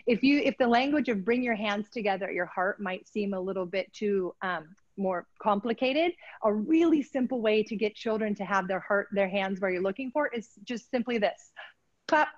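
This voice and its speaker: A woman's voice: mid-range voice, normal speed, hardly any pauses. A woman co-presenting a webinar, adding practical tips for teachers of young children in a plain explaining manner. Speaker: co-presenter, early childhood trainer. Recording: dull lo-fi audio.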